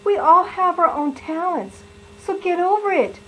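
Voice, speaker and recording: A woman's voice: very high voice, animated, unhurried, poor audio. A woman voicing a playful, chatty lion who preaches a children's sermon in a sing-song, exaggerated way. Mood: preachy.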